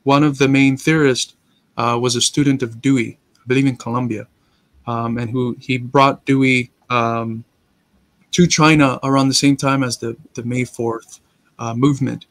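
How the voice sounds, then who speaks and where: A man explains ideas in a steady, lecture-like manner, like a teacher co-hosting a discussion. His pitch is mid-range, and the recording is dry with no room echo. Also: moderate pace. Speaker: co-host and teacher. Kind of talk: casual discussion.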